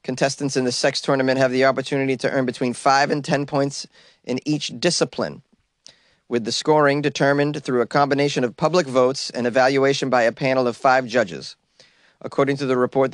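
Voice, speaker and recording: A man hosting a comedy news podcast, cracking jokes and riffing between readings. His voice sits at an ordinary middle pitch. The sound is very dry and close, as in a small closet. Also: no echo. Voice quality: jokey, riffs and laughs at his own lines. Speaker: podcast host.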